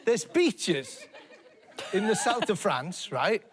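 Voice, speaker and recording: A man's voice: high voice, takes it slowly, crowd noise. An English man telling a rambling comic story on a TV panel show, laughing as he talks. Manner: rambling, animated, laughing through his words. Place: TV studio with audience.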